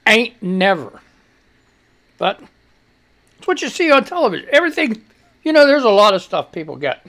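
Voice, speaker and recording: A man's voice: high-pitched, sing-song, normal speed, sharp tone. A man hosting a casual live radio talk show, rambling and swearing freely, congested and wheezing with a cough. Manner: rambling, profane, laid-back.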